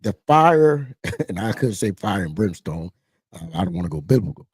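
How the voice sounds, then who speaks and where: Low husky-voiced middle-aged man. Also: big pitch swings, normal speed, dry recording, studio quality. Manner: rambling, repeats himself. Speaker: livestream host. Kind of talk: casual livestream commentary.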